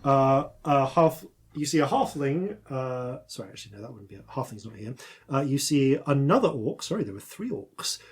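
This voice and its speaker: A man narrating as game master, halting and full of filler sounds as he describes the scene. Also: medium pitch, big pitch swings. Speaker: dungeon master.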